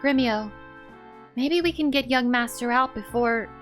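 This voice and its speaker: A high, chiding young woman companion calms her excitable friend down, as a streaming woman puts her on. Faint game music plays behind her. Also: unhurried. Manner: soothing, chiding.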